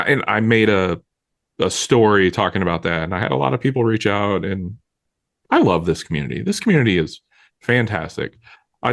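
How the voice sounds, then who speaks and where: A man's voice: fairly low pitch, dry recording. A man co-hosting a casual podcast, joking and self-mocking with friends, turning earnest at times, on a studio podcast microphone. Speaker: podcast co-host, woodworker. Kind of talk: casual banter among friends.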